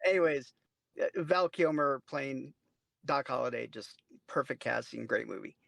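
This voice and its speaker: A man's voice: mid-range voice, expressive, normal speed, creaky, a bit bright, no room sound. A man co-hosting a podcast in casual chat, blunt and joking with emphatic remarks. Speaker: podcast co-host.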